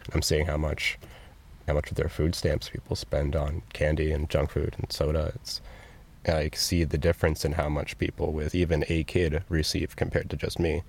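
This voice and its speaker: A young man working as a store cashier, talking candidly and haltingly in an interview, earnest and sometimes emotional. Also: very deep voice, monotone, vocal fry, husky.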